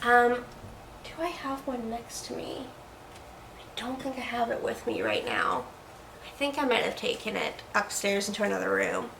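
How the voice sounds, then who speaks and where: A woman's voice: on the high side, animated, moderate pace, gravelly, echoey room, noisy background. A woman hosting a casual beauty review vlog from her desk at home, chatting along and tripping over words now and then. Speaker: beauty vlogger host. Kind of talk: casual product review chat.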